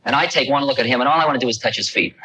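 An older man telling a personal story to an audience, animated and acting out the lines he quotes. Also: medium pitch, racing, husky, poor audio. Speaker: speaker recounting a personal story. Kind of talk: storytelling talk.

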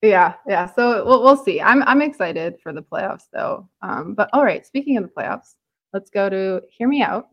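A woman's voice: mid-range voice, animated, moderate pace, dry recording, dull audio. A young woman from Toronto co-hosting a podcast, chatting casually with lots of "like" and "um". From Toronto, Canada. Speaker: podcast co-host. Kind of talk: casual sports chat.

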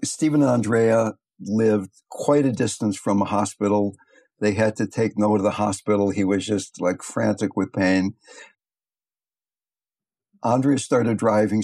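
An older man teaching meditation, telling stories in a calm, unhurried, reflective way. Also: on the low side, slightly rough. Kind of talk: teaching talk with storytelling.

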